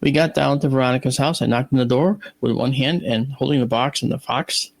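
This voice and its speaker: Creaky-voiced man telling animated stories. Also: mid-range voice, a little fast, no echo. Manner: animated anecdotes, acting out his own and others' lines; frequent restarts and repeated words. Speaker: guest, astronomer and video analyst. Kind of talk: casual storytelling in an interview.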